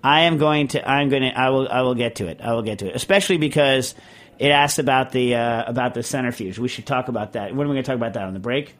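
A man's voice: mid-range voice, fast. A man from Connecticut hosts a casual podcast and reads out listener questions. He rambles and gets worked up, with a mid-range voice. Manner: rambling, excitable, tells stories with put-on voices. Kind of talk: casual chat.

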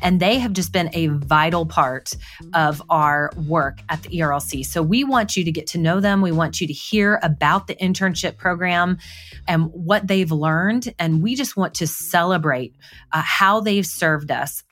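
A woman's voice: fairly low pitch, moderate pace, a bit bright, soft background music. A woman hosting a casual podcast interview in an upbeat, teasing way. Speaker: podcast host.

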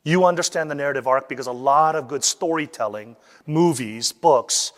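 A man teaching how to deliver a sermon, lively and acting out the voices he quotes. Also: medium pitch, normal speed, in a large hall. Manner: animated, acts out quoted voices. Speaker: preaching instructor.

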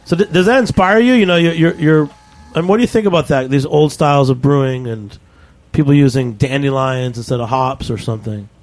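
A man's voice: medium pitch, fairly quick. A man hosting a radio talk show, speaking with eager enthusiasm and rambling questions. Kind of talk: casual radio chat.

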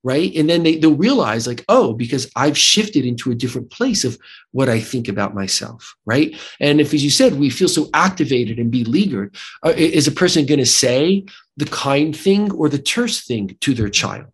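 American guy with a husky voice, talks it through, lots of "right?" and restarts. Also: mid-range voice, moderate pace. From United States. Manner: animated, thinks aloud with repeated restarts and tag "right?". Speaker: author and clinician guest. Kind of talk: conversational interview.

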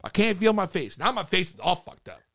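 A man telling a story in casual chat, excitable and full of swearing and slang. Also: high-pitched, fairly quick.

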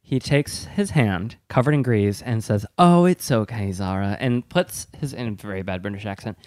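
A man co-hosting a casual food podcast, an animated storyteller who laughs a lot. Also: fairly low pitch, moderate pace, no echo, studio quality. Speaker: podcast co-host. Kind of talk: casual chat.

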